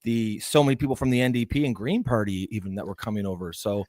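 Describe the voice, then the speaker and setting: A man's voice: fairly low pitch, fairly even intonation, fast, a little mellow, no room sound. Hesitant man reading chat. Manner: hesitant, filler-heavy, reads chat comments. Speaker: podcast co-host. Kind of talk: casual political chat.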